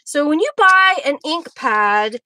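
A woman's voice: high voice, animated, takes it slowly, sharp tone, rough recording. A middle-aged woman, chatting casually and laughing often while she hosts a live craft demo. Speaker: craft livestream host.

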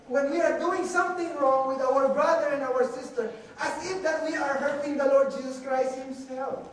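A preacher with a Filipino accent, giving a halting sermon that mixes Tagalog into English and often repeats words. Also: sits high, a little hiss or hum. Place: church hall. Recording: echoey hall from far off, faint ambience.

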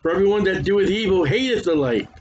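A man with a high voice preaches a sermon, reading scripture in a conversational way and tripping over difficult names. His voice sounds worn, and the recording is dull and lo-fi, with faint noise behind him. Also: lively intonation, fast talker, a little mellow.

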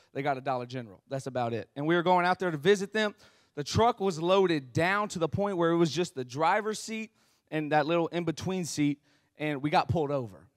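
A man's voice: sits high, no echo, studio quality. A young man preaching a sermon, telling funny stories and acting out the voices in them. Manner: animated, acts out voices in his stories. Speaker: pastor. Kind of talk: sermon with comic storytelling.

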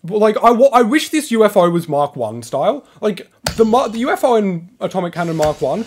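A man's voice: high voice, very animated, brisk, slight background noise. A man giving live gameplay commentary, complaining in frustration about a level as he plays. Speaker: gamer playing live.

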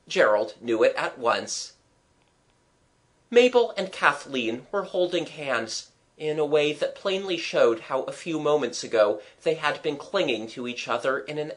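An unhurried storyteller reads a children's audiobook aloud. The delivery is slow and very expressive, with a lively, rising and falling voice that carries the tale. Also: medium pitch. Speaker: audiobook narrator.

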